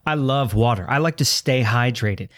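A man's voice: mid-range voice, moderate pace, slight background noise. A man hosting a podcast, ranting emphatically about water in a comic, repetitive way. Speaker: podcast host. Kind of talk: comic rant, casual chat.

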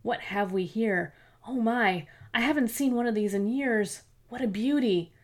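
A bubbly, silky-voiced Australian scientist, a woman thrilled by insects, as a female narrator puts her on. She gushes eagerly, her voice lifted higher than the narration around her, in a spoken storybook. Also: unhurried, lightly acted. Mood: delighted. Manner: eager, bright and gushing.

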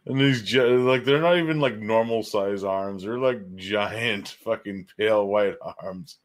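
Man, podcast co-host, casual chat, laughs easily, swears, low voice. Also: unhurried. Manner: laughs while talking, profane.

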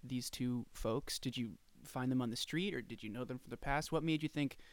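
A man's voice: medium pitch, fairly quick, no room sound. A man hosting a casual interview, cracking puns and playful asides. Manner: punning, playful patter. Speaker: podcast host.

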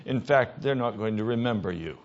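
A man's voice: on the low side, animated, a little fast. Emphatic male pastor preaching. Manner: emphatic preaching, swinging from hushed to loud. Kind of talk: sermon. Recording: dull lo-fi sermon recording.

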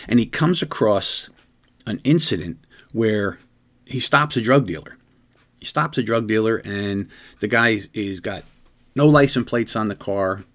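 A man's voice: on the low side, unhurried, a bit bright. A man who hosts a podcast and is a police detective, telling a story in an earnest, rambling way with many restarts. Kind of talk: conversational storytelling.

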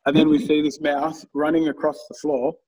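A man's voice: fairly high pitch, flat delivery, fairly quick, dark tone, slightly rough, distant mic, low-quality recording. A man telling rambling stories in casual chat, swearing freely and laughing at his own tales.

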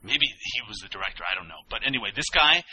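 A man from Canada in casual podcast chat about movies, blunt and halting with restarts. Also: on the low side, very animated, over a noisy crowd, poor audio. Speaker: podcast co-host. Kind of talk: casual chat reviewing films.

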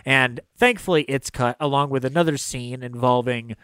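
A man's voice: medium pitch, moderate pace, fairly bright tone, clear, resonant tone, dry recording. A man co-hosting a casual film podcast, recapping scenes in a rambling way with lots of fillers. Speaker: podcast co-host.

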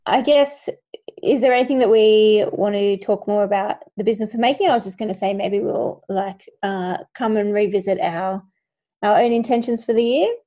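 A woman co-hosting a casual podcast chat, quick to agree and chime in. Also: mid-range voice, mellow. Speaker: podcast co-host.

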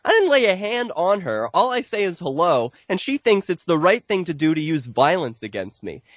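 A man, an activist filmmaker, telling stories in a casual podcast interview, getting animated and jumping up in pitch when he quotes people. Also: moderate pace, dry recording, muffled recording. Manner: animated storytelling, pitch jumps when quoting others.

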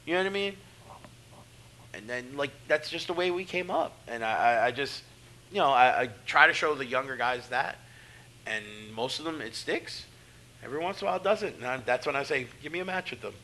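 A man's voice: mid-range voice, brisk, low-quality recording. A man from Brooklyn, a pro wrestler, telling profane stories in a casual podcast chat and acting out the voices of the people in them. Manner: profane, animated, acts out quoted voices.

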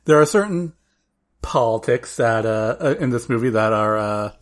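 A man's voice: mid-range voice, expressive, normal speed. A man co-hosting a podcast in a casual chat, rambling with plenty of restarts. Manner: rambling with many restarts and fillers. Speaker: podcast co-host.

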